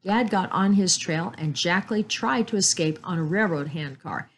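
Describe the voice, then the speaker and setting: A woman's voice: lowish voice, normal speed, slight background noise, natural voice. A woman reading aloud in the part of an earnest teenage boy detective, matter-of-fact in tone.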